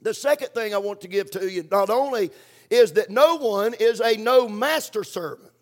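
A man preaching a sermon in a church, stressing points by slow repetition. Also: high-pitched, lively intonation.

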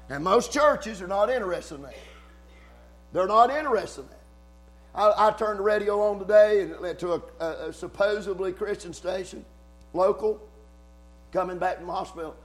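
A man preaching a fervent sermon in church, rising to shouts between folksy asides. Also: high-pitched, moderate pace.

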